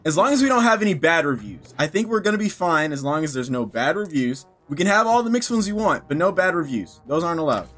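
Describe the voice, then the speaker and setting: A man's voice: on the high side, big pitch swings, fast, few pauses, a bit bright. A young man, a gaming streamer, chatting and thinking aloud as he plays a game. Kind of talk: let's play commentary.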